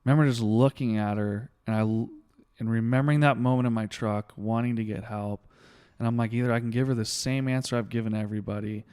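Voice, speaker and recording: Young guy, ex firefighter, halting raw storytelling in an interview, smooth clear voice. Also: mid-range voice, fairly even intonation, a little mellow. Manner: halting, raw, searching for words. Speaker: guest, former hotshot firefighter. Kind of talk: candid personal story in an interview.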